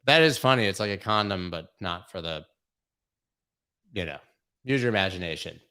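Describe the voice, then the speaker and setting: A man's voice: low-pitched, expressive, normal speed, bright, forceful tone. A young man hosting a live stream, chatting casually, reading out viewer questions and joking around with them. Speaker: host of a live crypto charting stream.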